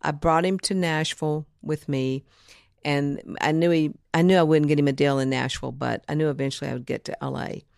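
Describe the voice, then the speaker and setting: A woman's voice: low voice, fairly even intonation, fairly quick, gravelly, darkish tone, no room sound, clean studio sound. A woman guest, from Mississippi, telling a long story in an interview and acting out other people's lines. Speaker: guest, music producer and author.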